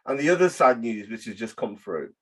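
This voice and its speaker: A man's voice: mid-range voice, expressive, brisk. Co-host: man with a mid-range voice, rambling and hesitant, casual podcast chat. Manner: rambling, hesitant, lots of fillers.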